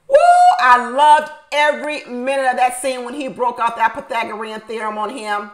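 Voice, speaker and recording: High pitched lady doing a reality tv recap, super animated, laughs a lot, repeats herself for effect. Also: moderate pace, slight background noise, low-quality recording. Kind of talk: casual reality show recap commentary.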